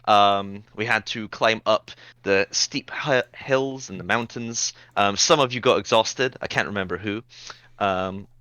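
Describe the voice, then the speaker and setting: A man's voice: on the low side, a little slow, pushed and bright, no room sound. A man giving a rambling, casual recap of the last session of a tabletop game, with many ums.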